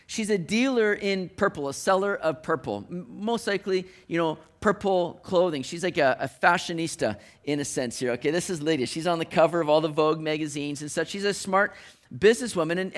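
A man delivers a sermon in a relaxed, talky way, stumbling over and restarting his phrases. His voice sits high for a man, and he throws in everyday slang as he explains the story. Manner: conversational, frequent restarts, modern slang asides. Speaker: preacher.

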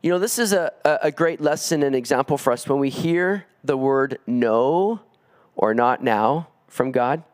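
A man preaching an expository sermon, earnest, climbing higher when he presses a point. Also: unhurried, a little mellow. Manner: earnest preaching, rising in pitch on emphatic pleas. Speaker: pastor.

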